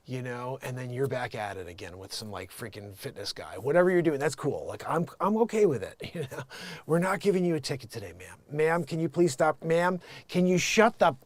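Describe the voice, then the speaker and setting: A man's voice: medium pitch, no room sound, voice pushed down, lightly acted. A man doing a blunt, exasperated traffic cop. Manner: rude, impatient, swearing.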